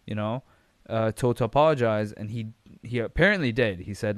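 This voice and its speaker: Young male podcast host, frank and rambling, smooth tone, mid pitch, dry close sound. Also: brisk, no echo. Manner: rambling, frank, swears freely, many fillers. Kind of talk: casual solo commentary.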